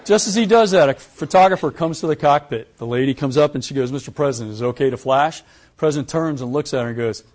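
An older American man, a retired pilot, giving a lecture and telling stories from his career, acting out the dialogue with lively chuckles. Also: a little high, fast talker. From United States. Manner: animated storyteller who acts out quoted dialogue, chuckling. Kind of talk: anecdotal lecture storytelling.

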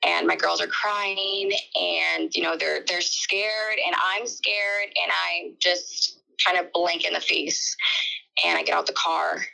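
Woman with a gravelly, bright voice. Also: on the low side, fairly even intonation, rough recording. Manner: halting, emotional retelling with many fillers. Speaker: interviewee. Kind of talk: personal testimony in an interview.

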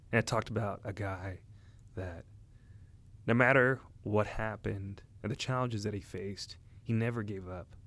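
A man in his thirties, telling his story as an interview guest in earnest, halting casual talk with many fillers. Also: lowish voice. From United States. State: emotional, near tears. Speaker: interview guest, Army officer. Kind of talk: casual conversation.

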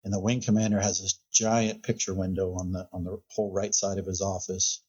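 Low, husky-voiced fire chief telling a story. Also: male voice, brisk, highs cut off. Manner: relaxed storyteller, repeats words and quotes others. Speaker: fire chief, podcast guest. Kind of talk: recounting a past incident in conversation.

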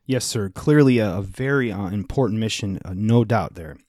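A man's voice: on the low side, normal speed, darkish tone, dry recording, clean studio sound. A man hosting an interview, reading out a guest's biography and questioning him in a formal, deferential way. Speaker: podcast host.

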